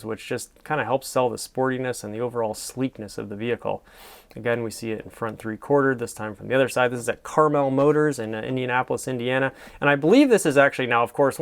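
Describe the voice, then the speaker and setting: Admiring, rambling man with a smooth voice. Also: mid-range voice. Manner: enthusiastic, admiring, rambling with fillers; soft-spoken sleep-friendly delivery. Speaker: host. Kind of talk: casual commentary on classified ads.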